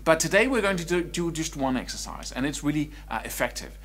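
A man teaching an online guitar lesson, explaining expression in a lively, conversational way. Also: a little high, a little fast. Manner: animated, swings between quiet and loud speech to demonstrate.

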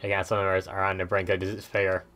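A man reading a game line in a put-on robot voice, stiff and flat. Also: low-pitched, fast. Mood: robotic.

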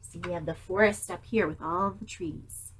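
A woman reading a picture book aloud to young children, animated and asking them questions. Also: fairly low pitch, moderate pace, slight background noise. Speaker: storytime reader.

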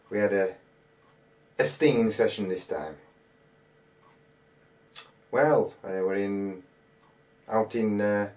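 A man's voice: lowish voice, a little mellow, recorded from a distance. A man telling a casual, rambling anecdote as a metal detecting vlogger, full of colloquial phrases and hesitant restarts. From England.

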